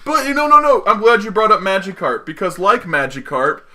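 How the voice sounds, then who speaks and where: A young man co-hosting a casual podcast chat, excitable and quick to swear and laugh. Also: sits high. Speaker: podcast co-host.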